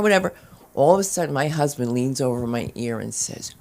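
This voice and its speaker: A woman from New Jersey with a New Jersey accent, doing an open-mic stand-up set on a club stage, telling chatty stories and breaking into loud voiced impressions. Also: low-pitched, moderate pace, a little hiss or hum. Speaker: stand-up comedian.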